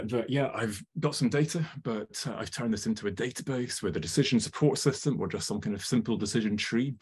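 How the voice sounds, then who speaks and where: A man's voice: on the low side, a little mellow, breathy edge. A man presenting a live online workshop, chatty and full of ums, often asking the audience questions over a video call.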